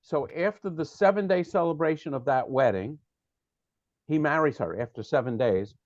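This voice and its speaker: A man's voice: on the high side, moderate pace, a little mellow, no room sound, muffled recording. A man teaching a prayer study class over a video call, patiently explaining Hebrew text and checking that his students follow.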